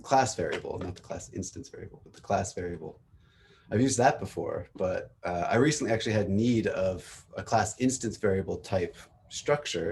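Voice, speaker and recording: Man, book club host, very low voice, laughs easily, video call. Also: vocal fry, slight background noise. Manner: relaxed, laughs often, thinks aloud. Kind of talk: casual technical discussion.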